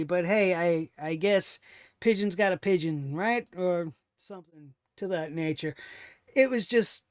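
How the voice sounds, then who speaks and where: Man, fairly high voice, sarcastic and fed up, casual review talk, dry close sound. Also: clean tone, no room sound. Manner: sarcastic, exasperated, swears freely. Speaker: wrestling show reviewer.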